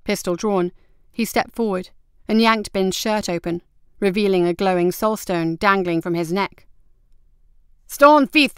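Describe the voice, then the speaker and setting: Crisp, even-voiced woman narrating. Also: medium pitch, moderate pace, no echo, clean studio sound. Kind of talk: scripted narration.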